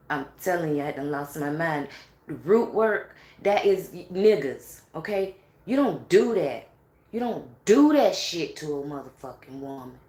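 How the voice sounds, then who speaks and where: A woman telling a spiritual story in a casual monologue, animated and profane, with laughing asides. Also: on the low side, roomy sound.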